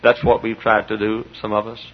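A middle-aged man preaching as a Baptist pastor, impassioned, dropping to low asides and rising to shouts. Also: monotone, a little fast. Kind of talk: sermon. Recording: dull lo-fi recording.

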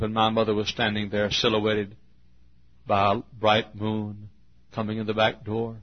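Gravelly husky preacher in his fifties. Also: on the low side. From Texas. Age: 50s. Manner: folksy storytelling, rising to fervent exhortation. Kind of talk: sermon. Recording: dull lo-fi sermon recording.

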